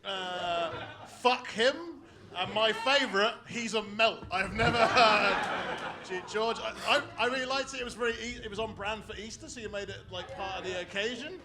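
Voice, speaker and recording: A man's voice: sits high, brisk. A man hosting a comedy night, chatty and stumbling over his words as he laughs. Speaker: show host. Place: live comedy venue with audience. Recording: noisy live room with loud crowd.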